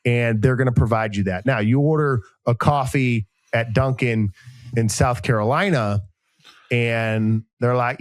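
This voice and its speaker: A man's voice: mid-range voice, normal speed, no echo. Rambling, joking male podcast host. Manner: joking, rambling, deadpan asides. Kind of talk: casual podcast banter with ad reads.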